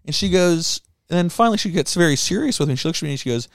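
Male comedy podcast co-host, animated and rambling, dry close mic. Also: a little high, very fast, gravelly, dry recording. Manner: rambling storyteller, laughs mid-sentence. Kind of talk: casual comedic podcast banter.

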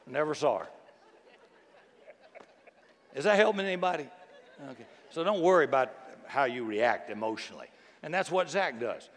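Folksy preacher in a reverberant hall. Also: male voice, medium pitch, normal speed, pauses often, a faint crowd. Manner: folksy, animated storytelling with sudden loud outbursts and soft hushed passages. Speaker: pastor. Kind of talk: sermon. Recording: long reverb from a big hall.

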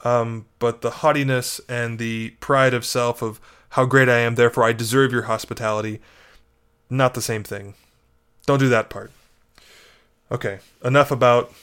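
Priest guy chatting casually, dry jokey asides, middle pitch, talks like he's just thinking out loud. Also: clear, resonant tone. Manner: wry, conversational storytelling. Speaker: Catholic priest. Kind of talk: casual spoken reflection.

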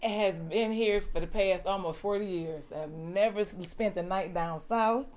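A middle-aged woman with a hard Southern accent who grew up in Detroit, chatting casually as a guest with a relaxed, drawling manner and frequent laughter. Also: mid-range voice, normal speed. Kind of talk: casual chat.

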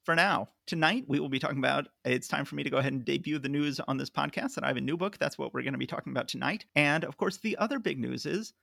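A man's voice: medium pitch, fast talker, creaky, hardly any pauses, fairly bright tone, no room sound. A man hosting a podcast in casual chat, telling stories at length and laughing often. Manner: chatty, storytelling, laughs often. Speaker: podcast host.

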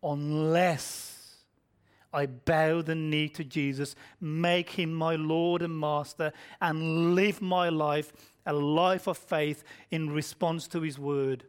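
A man with a smooth, higher-than-average voice preaches slowly and flatly. Blunt and confrontational, he quizzes his listeners while alternating between whispered lines and shouted ones.

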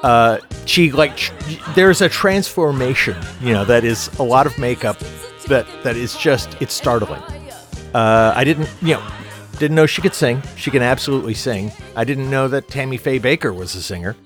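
Halting, restarting middle-aged man on a podcast. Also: medium pitch, a bit bright, soft background music. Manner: halting, many restarts and fillers. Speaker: podcast co-host. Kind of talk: casual chat.

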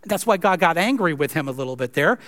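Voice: medium pitch, expressive, fast talker, a bit bright. A pastor preaching a sermon in a conversational way, with wry asides.

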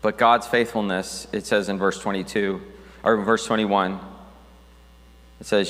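A man's voice: on the low side, fairly even intonation, a little slow, pauses often, a bit bright, big-room sound. A man preaching a sermon as pastor, talking conversationally with restarts and reading scripture aloud.

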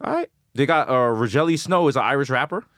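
A man co-hosting a podcast, telling stories in fast, slangy casual chat. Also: mid-range voice, dry recording, studio quality. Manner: fast, slangy, animated storytelling. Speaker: podcast co-host.

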